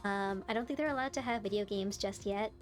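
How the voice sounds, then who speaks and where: A young adult woman streamer in casual live-stream chat, telling stories in an animated way and laughing often. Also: mid-range voice, brisk, soft background music.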